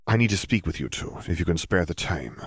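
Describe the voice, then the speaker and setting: A man voicing an old male wizard headmaster who speaks in a measured, formal way. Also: sits low, expressive, slightly rough, no echo, studio quality. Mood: grave.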